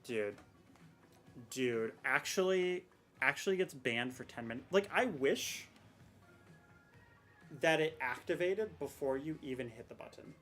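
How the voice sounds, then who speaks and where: A woman's voice: rumbling low, expressive, measured pace, pauses often, fairly bright tone, soft background music. A young woman streaming a game, chatting casually and rambling with self-mocking exasperation about her technical troubles. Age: young adult. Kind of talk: casual live-stream chat.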